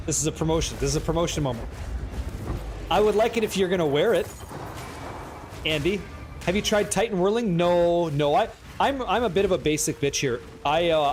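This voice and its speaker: A man streaming a game live, excitable and profane as he banters with his chat. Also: sits high. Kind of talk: live gameplay commentary chatting with viewers.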